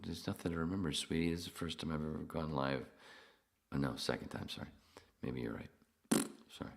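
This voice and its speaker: A man's voice: extremely low pitch, brisk, gravelly. A man hosting his own podcast, telling stories in a rambling, profane, casual way on a live stream. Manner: profane, rambling, self-interrupting. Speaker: podcast host.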